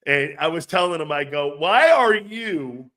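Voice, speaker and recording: A man's voice: on the high side, lively intonation, a little slow, pushed and bright. A man hosting sports talk radio, ranting in a brash, profane way and laughing between his jabs. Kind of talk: opinionated sports radio rant.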